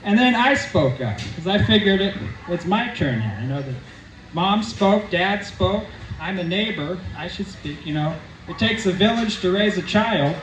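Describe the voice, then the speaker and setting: Guy with a highish voice telling a rambling awkward story, deadpan, mic far off in an echoey room. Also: moderate pace, muffled recording. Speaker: comedy character vlogger. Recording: roomy, distant mic, faint background hum.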